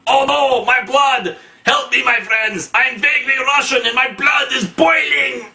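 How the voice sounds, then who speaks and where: A man's voice: very high voice, unhurried, bright, forceful tone, voice pushed up, full character voice. A man voicing a melodramatic, vaguely foreign male comic-book villain who wails in overwrought distress. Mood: mock anguish. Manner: overwrought, wailing for help.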